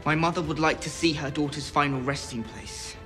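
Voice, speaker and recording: A mild young king in a TV drama, with a very posh RP accent. His voice is a touch high, and music plays under it. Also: fairly quick, bright, forceful tone. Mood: reproachful. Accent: posh RP English.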